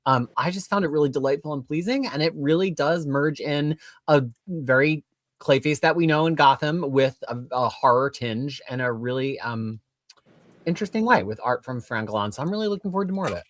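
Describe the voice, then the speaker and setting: A man with a slightly raised pitch, recorded dry and close with no room sound. He talks through his views at length in a thoughtful, meandering way. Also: fairly quick, no echo. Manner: thoughtful, rambling opinions. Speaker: panel guest. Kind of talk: casual panel chat.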